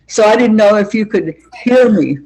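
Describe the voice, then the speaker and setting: High-voiced, hesitant man on a call. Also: expressive, darkish tone, rough recording. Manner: hesitant, with pauses and fillers. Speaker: student. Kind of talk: online class. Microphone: video call.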